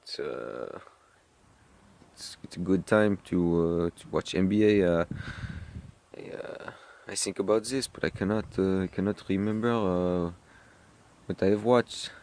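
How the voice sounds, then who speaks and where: A French man talking in a casual video diary in English with a French accent, halting with many fillers and slipping into French. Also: low voice, darkish tone. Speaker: vlogger.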